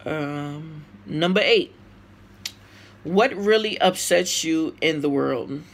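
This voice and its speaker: A woman's voice: deep voice, takes it slowly. A woman with a Brooklyn accent, vlogging casually to camera and answering tag questions, emotional and outspoken. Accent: Brooklyn, New York. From United States.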